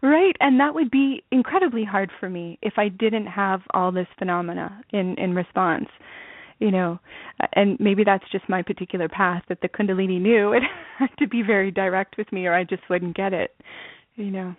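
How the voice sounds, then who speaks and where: A woman speaking as an interview guest over a video call, at a middle pitch. She talks earnestly, often adding "you know". The sound is dry and tinny, with no room around it. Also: moderate pace, no room sound. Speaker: interview guest, spiritual student. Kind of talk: conversational interview. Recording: dry, tinny phone-like line.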